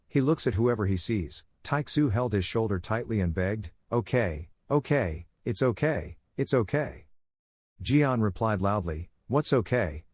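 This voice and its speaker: A male narrator reading a comic story recap in a steady, even scripted tone. His voice sits low, and the recording is dry and close, with no room echo.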